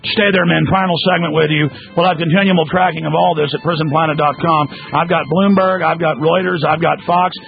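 A man's voice: fairly high pitch, fairly even intonation, a little fast, few pauses, soft background music. A man hosting a talk radio show, ranting heatedly and calling his listeners folks. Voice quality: gravelly, raspy. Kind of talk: angry talk radio monologue. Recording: dull lo-fi radio sound.

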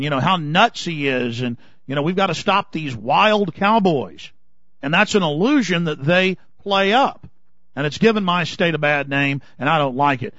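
A man's voice: high-pitched, fairly bright tone, no room sound, highs cut off. A man from Texas, delivering an impassioned, indignant talk radio monologue full of restarts. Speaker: political commentator.

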